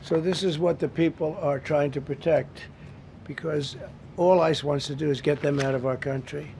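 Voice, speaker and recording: An older man in his seventies speaks at a press briefing podium in a gravelly voice that sits slightly high for a man. He talks bluntly and off the cuff, repeating phrases and drifting into rambling asides. A faint background noise runs under the room sound. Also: fairly even intonation, normal speed, a little mellow. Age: 70s.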